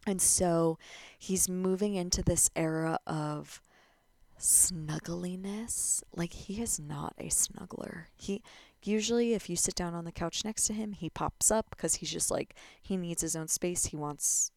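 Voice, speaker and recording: Chatty low-voiced podcast host, gravelly edge. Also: female voice, unhurried, darkish tone, dry recording. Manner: chatty, frequent "like" fillers, blunt and profane. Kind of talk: casual solo podcast chat.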